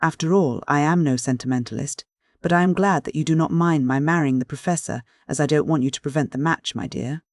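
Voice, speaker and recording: A reader speaking as a plump, shrewd elderly widow from a classic mystery audiobook. She gushes fond endearments while talking plain business. The recording is dry and close, with a mid-pitched voice. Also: dry recording, natural voice. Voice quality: gushing endearments, brisk and matter-of-fact. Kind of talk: audiobook dialogue reading.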